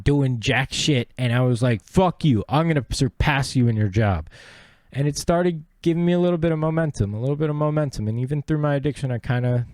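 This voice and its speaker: A man's voice: lowish voice, darkish tone, no room sound. A young man hosting a podcast, telling his personal story in a rambling, profane and earnest way. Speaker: podcast host.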